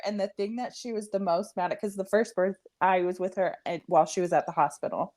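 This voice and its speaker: A woman's voice: medium pitch, steady tone, quick pace, few pauses, a little mellow, slight background noise. A woman who works as a doula, chatting on a podcast and often murmuring in agreement. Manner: supportive listener, frequent murmured agreement. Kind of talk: casual chat.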